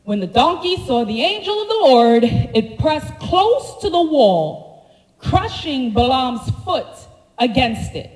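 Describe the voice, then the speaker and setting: A woman preaching a sermon, telling the story with animated slangy asides to the congregation. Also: high-pitched, slow, reverberant, big-room sound, low-quality recording. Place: church sanctuary.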